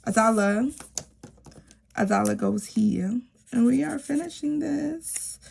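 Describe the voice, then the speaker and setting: A woman's voice: on the high side, slow pace, vocal fry, a little mellow, slight background noise. A woman chatting casually to camera about her savings challenges, rambling with lots of fillers. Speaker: savings vlogger; teacher.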